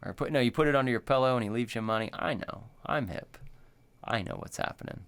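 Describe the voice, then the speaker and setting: A man's voice: mid-range voice, quick pace, fairly bright tone, clear, resonant tone. A middle-aged man co-hosting a podcast, telling a story in a rambling, filler-heavy way. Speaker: podcast co-host. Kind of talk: casual chat.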